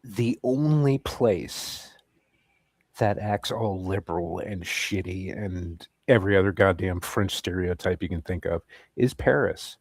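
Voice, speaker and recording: A man's voice: low-pitched, unhurried, no echo. A man co-hosting a casual chat, opinionated and blunt, with some cursing.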